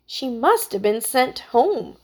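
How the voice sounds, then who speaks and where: A woman's voice: high voice, big pitch swings, slow pace, slightly rough, heavily acted. A woman voicing an earnest young girl who scolds her friend sternly and emphatically.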